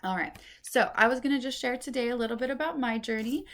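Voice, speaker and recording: A woman's voice: a little high, expressive, fast talker, fairly bright tone. A woman hosting a casual solo spirituality podcast, chatty and meandering, with lots of fillers. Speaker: podcast host and intuitive reader.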